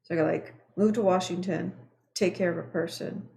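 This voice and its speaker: A woman's voice: lowish voice, fairly even intonation, fairly quick, gravelly, dark tone. A woman streaming a board game, thinking aloud and talking through her moves in casual chat.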